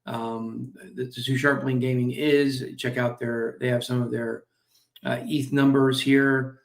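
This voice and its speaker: A man's voice: medium pitch, level tone, unhurried, creaky. A man hosting a crypto stream, casually reading and commenting on company news with jokey asides, fillers and apologies, sounding a little tired. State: tired, yawning. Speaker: crypto show host. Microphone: streaming mic.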